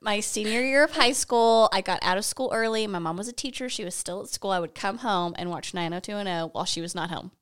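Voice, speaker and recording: A woman's voice: mid-range voice, quick pace, few pauses, a bit bright, smooth. A woman in her forties co-hosting a podcast, answering in short, dry, matter-of-fact replies. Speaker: podcast co-host. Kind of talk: casual chat.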